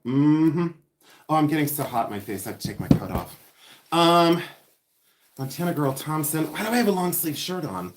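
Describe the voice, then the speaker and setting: A man hosting a casual live stream, chatty, excitable and self-mocking as he shows vintage finds indoors. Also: on the high side, normal speed, background noise. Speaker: livestream host selling vintage finds. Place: indoors at home, seated with items.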